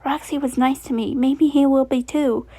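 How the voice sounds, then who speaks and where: An earnest little girl, as a woman reads her in a raised, bright storybook voice. She sounds small, scared and brave at once. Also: high voice, fairly even intonation, normal speed, natural voice. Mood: pleading.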